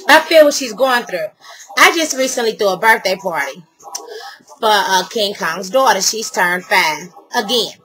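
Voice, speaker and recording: A woman's voice: on the high side, poor audio. An older woman telling a story casually and sassily to camera, acting out what others said. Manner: animated, sassy, acts out quotes. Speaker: vlogger.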